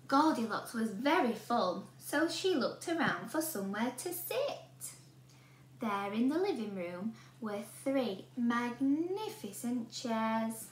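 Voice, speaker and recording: A woman teacher reads a storybook aloud to children, slowly and with a high voice. She talks in an animated way and asks the listener questions. The room sounds roomy, with a faint hum behind.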